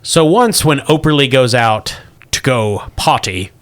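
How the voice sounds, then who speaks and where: A man's voice: mid-range voice, animated, measured pace, a bit bright. A man narrating a tabletop game as game master, laughing often as he goes.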